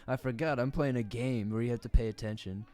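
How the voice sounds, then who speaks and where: With a warm, medium-pitched voice and a fairly quick pace, a Southern US gaming streamer jokes his way through laid-back play-by-play of a football game. He laughs often throughout the casual commentary.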